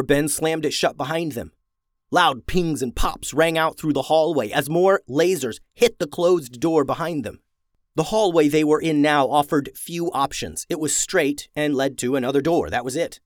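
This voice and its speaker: A man reading a children's adventure story aloud, expressive and slowing down for suspense. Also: on the high side, dry recording, clean studio sound.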